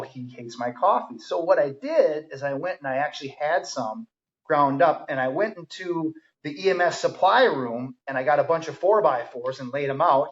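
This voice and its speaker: A man, a firefighter guest on a podcast, telling stories in a casual, enthusiastic way. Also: on the high side. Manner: enthusiastic storyteller, many ums and restarts. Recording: dull lo-fi audio.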